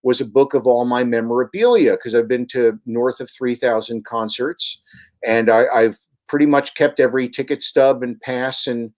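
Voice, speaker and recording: A man, a radio host and author, guesting on a radio show and telling long, animated anecdotes with many restarts. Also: mid-range voice, normal speed. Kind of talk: storytelling in a radio interview.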